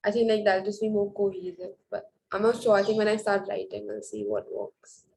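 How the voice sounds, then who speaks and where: A woman's voice: mid-range voice, animated, a little fast, creaky, a little mellow, a little hiss or hum, rough recording. A woman student talking through her essay plans on a video call, tentative and thinking aloud. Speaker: student applicant.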